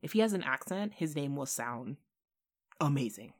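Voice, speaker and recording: A woman podcast host in casual chat, telling stories in an animated way and laughing often. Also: low-pitched, normal speed.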